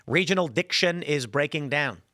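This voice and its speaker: This is a man from Chicago doing a solo political commentary. His voice sits a little high and has a bright, edgy tension. He sounds dry and close to the mic as he argues his points with conviction, often stumbling and restarting his sentences. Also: moderate pace, dry recording. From Chicago, United States. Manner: opinionated and argumentative, with frequent restarts.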